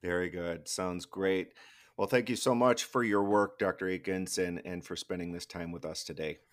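A man with a very low voice hosts an interview. He asks measured, thoughtful questions and thanks his guest at the close. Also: steady tone. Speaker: podcast host, interviewer. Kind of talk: interview conversation.

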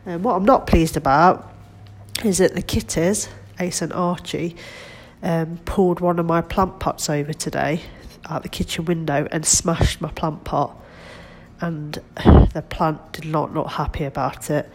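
Low-voiced woman with a stuffy cold. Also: fairly even intonation, measured pace, a little hiss or hum. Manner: chatty, rambling, self-deprecating. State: congested with a cold. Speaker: vlogger. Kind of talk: casual chat. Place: home kitchen.

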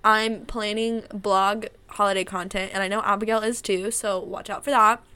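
A woman's voice: medium pitch, fairly even intonation, moderate pace, sharp tone, smooth. A young woman co-hosting a podcast, chatting casually, giggly and self-mocking. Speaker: podcast co-host. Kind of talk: casual chat.

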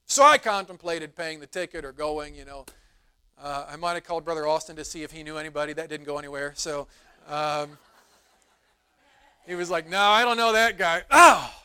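A middle-aged man, a pastor preaching a sermon in a church, telling a folksy story in a relaxed, conversational way. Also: fairly high pitch, normal speed, clean tone. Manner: rises to emphatic preaching. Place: church sanctuary.

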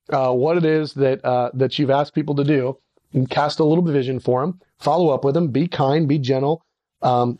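A middle-aged man, a ministry leader, giving a conversational leadership teaching and acting out little dialogues. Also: no echo. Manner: animated, acts out little dialogues with sudden pitch jumps.

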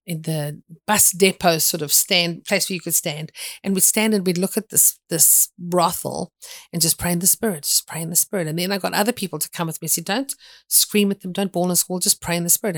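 A woman's voice: mid-range voice, no echo, studio quality. A middle-aged woman preaching a sermon, telling stories in an earnest way with frequent restarts.

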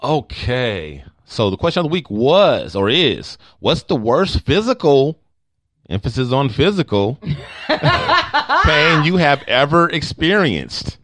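Guy podcast host cracking jokes over listener replies, super animated voice, dry sound. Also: medium pitch, dry recording. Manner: joking, reads out listener answers with quick reactions. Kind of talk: casual comedic chat.

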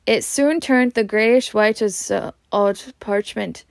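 Woman reading a book out loud, trips over words a lot, slow, dry sound. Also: mid-range voice, creaky, no room sound. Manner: stumbling, frequent restarts, self-laughing. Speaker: amateur reader. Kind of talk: reading a novel aloud.

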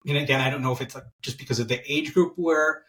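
A man hosting a casual podcast interview, easygoing and full of quick filler affirmations. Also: medium pitch, fairly bright tone, distant mic. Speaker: podcast host.

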